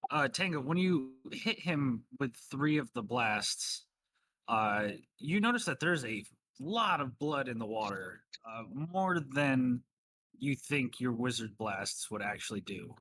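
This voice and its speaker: A man acts as game master for a tabletop game, his voice bright and forward. He narrates blows and counts damage in a casual, easygoing way over a call. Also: mid-range voice, big pitch swings, unhurried. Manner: casual, descriptive, tallies dice aloud.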